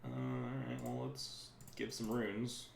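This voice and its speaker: In a slow, fairly flat medium-pitched voice with vocal fry, a man streams a card game from home. There's reverb plus a little hiss or hum, and his casual commentary rambles and keeps breaking off mid-thought.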